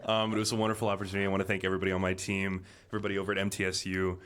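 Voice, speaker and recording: A man's voice: sits low, completely flat delivery, very fast, a bit bright, clear, resonant tone. A young man giving a casual, grateful award speech, telling the story of his film. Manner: grateful, rambling storyteller with fillers. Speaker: filmmaker accepting an award. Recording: noisy live venue.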